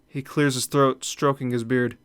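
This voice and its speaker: A man's voice: mid-range voice, little pitch movement, normal speed, smooth. Man reading a horror game aloud. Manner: reads narration dramatically, then reacts in asides. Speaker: gaming channel host.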